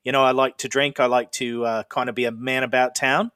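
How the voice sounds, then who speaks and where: A man quoting an easygoing, curious young man in a slightly raised, brighter voice. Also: medium pitch, flat delivery, brisk, clean tone, no echo, studio quality, natural voice.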